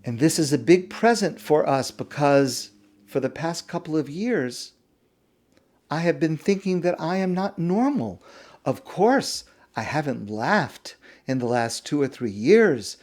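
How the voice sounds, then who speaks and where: A man's voice: a little high, sing-song, a little slow, darkish tone. A man voicing an earnest, heartfelt sixteen-year-old boy within a story he is telling, speaking with rising emphasis.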